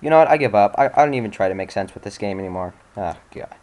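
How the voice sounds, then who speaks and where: A man's voice: on the low side, animated, very fast, darkish tone. Exasperated, cursing man playing a game. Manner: exasperated, swears often, mutters to himself. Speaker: video game let's-play host. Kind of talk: casual gameplay commentary.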